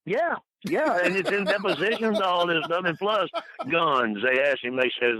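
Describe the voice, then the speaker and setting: A man's voice: sits high, lively intonation, moderate pace, bright, forceful tone, low-quality recording. An older man telling colorful stories as an interview guest, folksy and rambling, laughing at his own tales. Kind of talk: rambling anecdotal storytelling.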